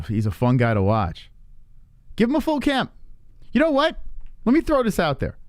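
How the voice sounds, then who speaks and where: A man's voice: a little high, no echo, clean studio sound. A man hosting a live stream and ranting casually, heated and full of profanity.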